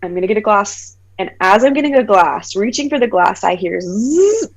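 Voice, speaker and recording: Animated woman in her thirties telling a story. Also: mid-range voice, a little fast, rough recording. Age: 30s. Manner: animated, acts out quoted voices, frequent "like" fillers. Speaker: podcast guest. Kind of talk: personal storytelling in conversation.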